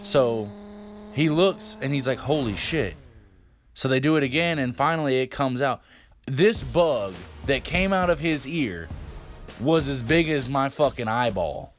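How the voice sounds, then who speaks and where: Brief: man in his 50s, mid-pitched, casual vlogger, loose and profane delivery. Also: expressive, a little slow, faint music behind. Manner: rambling, profane, lots of fillers. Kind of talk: casual storytelling.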